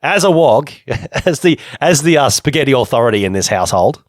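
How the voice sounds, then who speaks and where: A man's voice: mid-range voice, big pitch swings, a little fast, no room sound, studio quality. A man hosting an interview podcast, chatty and jokey, wandering off on tangents. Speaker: podcast host. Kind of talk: casual interview chat.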